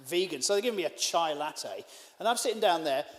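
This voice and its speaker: A male comedian telling a story in a stand-up set, animated and self-deprecating. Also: fairly high pitch, fairly quick, in a large hall. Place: live venue.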